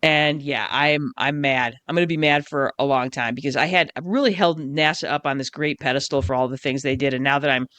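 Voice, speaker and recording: A woman co-hosting a podcast in casual chat, animated and quick to swear when riled up. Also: extremely low pitch, dry recording. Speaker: podcast co-host.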